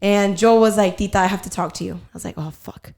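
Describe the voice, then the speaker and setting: A young woman hosting a podcast, telling a family story in a casual, animated way and swearing freely. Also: medium pitch, fast, vocal fry. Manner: animated, profane storyteller, quotes herself and others. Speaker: podcast host.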